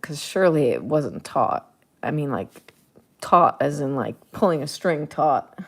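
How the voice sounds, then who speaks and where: A woman's voice: low voice, expressive, unhurried, vocal fry. A woman artist talking casually to the viewer as she paints, chatty, playful and thinking aloud. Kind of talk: casual narration while painting.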